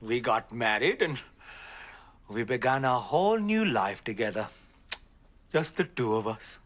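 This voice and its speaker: A pompous Pakistani dad. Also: male voice, medium pitch, expressive, measured pace, a bit bright. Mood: fatherly. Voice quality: boastful, bossy, self-satisfied. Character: pompous middle-aged Pakistani British dad. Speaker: sitcom father.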